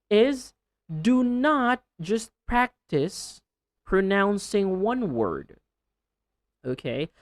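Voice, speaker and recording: A man teaching English pronunciation in a casual video lesson, repeating sounds slowly and with exaggerated care, with chatty asides. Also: on the high side, no echo. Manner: slow, over-articulated modelling of sounds, chatty asides. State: sweating under a panda hoodie hat.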